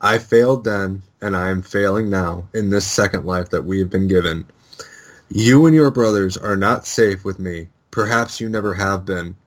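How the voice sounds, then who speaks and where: A man voicing Splinter, an old male rat sensei, reading his lines in a formal, measured way. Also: low-pitched, lightly acted. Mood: grave.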